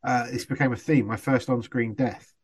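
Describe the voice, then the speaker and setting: A man's voice: mid-range voice, fairly even intonation, moderate pace, a crowd in the background. A man, a guest actor, chatting casually on a podcast in a self-deprecating way, often laughing and trailing off.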